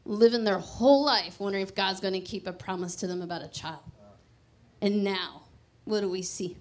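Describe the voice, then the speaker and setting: A woman's voice: medium pitch, moderate pace, a little mellow. A young adult woman preaching a sermon in a casual, conversational way, often laughing and stressing words playfully. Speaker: pastor.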